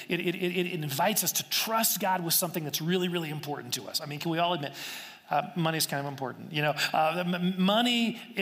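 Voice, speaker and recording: A man's voice: high voice, pushed and bright. A man preaching as a pastor, earnest and conversational, often repeating phrases and restarting sentences. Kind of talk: sermon. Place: church sanctuary. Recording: long echo of a large hall.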